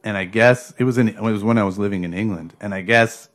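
A man's voice: on the low side, fast talker. A podcast host in casual chat, telling funny stories and acting out both sides, often laughing as he talks. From Canada.

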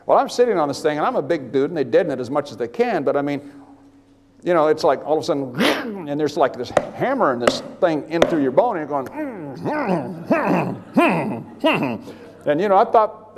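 A man's voice: a little high, fast talker. Older male preacher in a reverberant hall. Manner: storytelling, animated, rambling with restarts. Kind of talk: sermon testimony.

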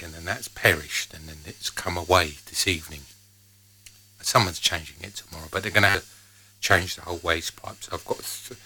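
A man's voice: low voice, pushed and bright, slight background noise, low-quality recording. A man hosting a music radio show, chatting casually between records in a rambling, anecdotal way with many fillers. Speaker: radio DJ host.

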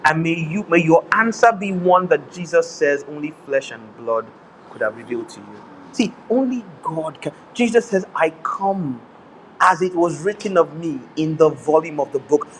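A middle-aged Nigerian man with a Nigerian accent, preaching a sermon as pastor, animated and slipping into pidgin with frequent laughter. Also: a little high, moderate pace, slight background noise.

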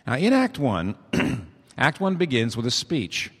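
A man's voice: mid-range voice, very animated, a little slow, vocal fry, a bit bright, breathy edge. A man preaching a sermon as pastor, with an emphatic, rising and falling preaching cadence. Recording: echoey hall reverb.

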